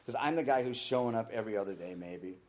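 A man's voice: on the low side, fast, a little mellow. A middle-aged man telling his own recovery story in a candid, rambling way, sometimes acting out the voices of the people he quotes. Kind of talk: personal recovery talk.

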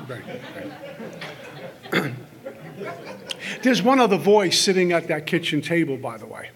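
A man's voice: on the high side, very animated, some chatter behind. A middle-aged man speaking at a recovery workshop, telling stories and acting out the voices in his head for a live audience. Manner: storytelling, acts out inner voices with quick asides. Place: meeting hall with audience.

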